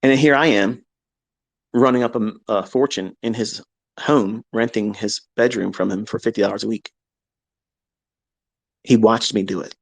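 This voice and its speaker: A man, a trading educator, telling a candid personal story in a blunt, profane, animated way. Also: lowish voice, normal speed, gravelly, long pauses, dry recording, low-quality recording.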